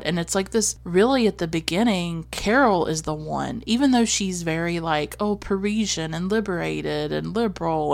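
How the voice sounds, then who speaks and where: A woman's voice: low voice, creaky, no echo. A woman with a Southern US accent talking earnestly through a film review, emphatic and dotted with "like" and "you know". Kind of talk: casual film review monologue.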